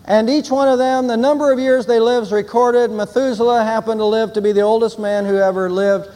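A man's voice: very high-pitched, fairly even intonation, fairly quick, warm tone, long reverb tail. An older man preaching an Easter sermon as pastor, telling stories and building to emphatic declarations.

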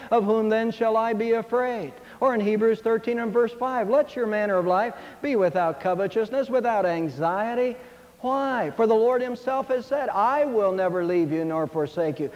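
A man's voice: extremely high pitch, a little mellow. A man preaching a sermon, telling a fable and quoting scripture earnestly and with emphasis. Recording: dull lo-fi sound in a reverberant hall.

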